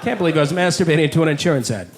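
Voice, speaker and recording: A man from Canada performing stand-up in a comedy club, speaking into a handheld mic. His voice sits high for a man and leaps around with lots of animation, and he lands his jokes punchily. A faint hum of ambience sits under his voice. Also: racing, roomy sound. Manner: animated, punchy joke delivery.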